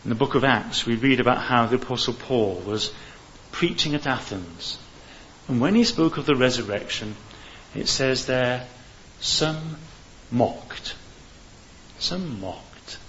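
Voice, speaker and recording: A man's voice: mid-range voice, normal speed, fairly bright tone. Male preacher, earnest and fervent; slightly muffled recording with faint hiss. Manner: earnest, rising to fervent appeals. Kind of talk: evangelistic sermon. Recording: dull hissy recording.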